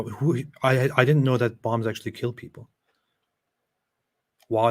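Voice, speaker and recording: A man live-streaming a reaction to a video, sarcastic and mocking, jumping between loud outbursts and muttered asides. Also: medium pitch, steady tone, unhurried, long pauses, dry recording.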